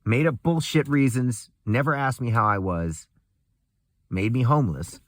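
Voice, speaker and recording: A man's voice: mid-range voice, animated, normal speed, no echo. A young man in a casual, angry, profane rant, laughing bitterly and swinging between muttering and a raised voice.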